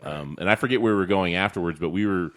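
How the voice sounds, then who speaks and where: A man, a podcast co-host telling stories in casual chat, animated, swearing and acting out quotes. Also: low voice, quick pace.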